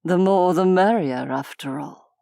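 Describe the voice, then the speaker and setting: A woman voicing a possessive vampire man who puts on a smooth British playboy accent, flirtatious and slow. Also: fairly low pitch, mellow, no echo, studio quality.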